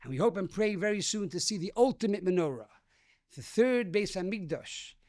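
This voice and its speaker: A man's voice: sits high, expressive, moderate pace, darkish tone, no echo, studio quality. A rabbi giving a sermon, telling a story and addressing his listeners as dear friends.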